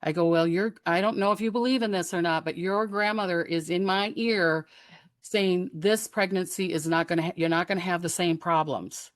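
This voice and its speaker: Animated woman telling a lively story. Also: lowish voice, normal speed, dry recording, studio quality. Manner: animated, acts out quoted voices, laughs often. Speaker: psychic guest. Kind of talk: casual storytelling chat.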